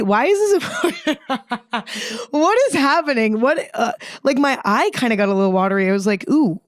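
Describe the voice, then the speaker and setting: A woman's voice: mid-range voice, darkish tone, smooth, no room sound. Young female podcast host, casual and earnest, filler-heavy, swears freely; dry close-mic sound. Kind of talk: casual solo podcast monologue.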